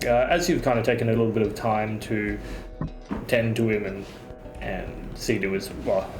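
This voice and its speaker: A man from Australia runs a tabletop game as dungeon master, narrating in a lowish voice with halting pauses and fillers. The room echoes around him and faint music plays underneath.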